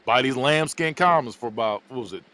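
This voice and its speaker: A man hosting a podcast, recapping a movie in an animated, casual way with frequent laughs. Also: medium pitch, fairly quick, a crowd in the background. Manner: animated storytelling, laughs often. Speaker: podcast host.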